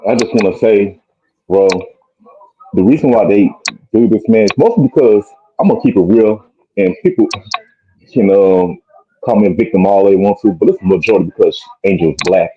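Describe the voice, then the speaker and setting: A man's voice: on the low side, normal speed, a little hiss or hum. A man co-hosting a casual livestream chat, blunt and plain-spoken, with frequent ums and restarts. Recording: muffled lo-fi stream audio.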